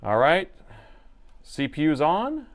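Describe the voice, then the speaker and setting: A man's voice: a little high, wildly swooping pitch, slow. A middle-aged man hosting a live laptop repair stream, joking with chat while he talks through soldering and testing. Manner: joking with chat, narrating his repair steps. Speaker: laptop repair livestream host.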